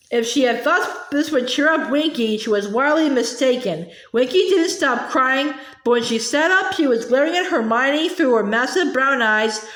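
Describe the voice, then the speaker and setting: A woman narrating a fantasy novel aloud in a steady storytelling manner. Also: high-pitched, echoey room. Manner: steady storytelling, small slips and restarts. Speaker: audiobook reader. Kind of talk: audiobook narration.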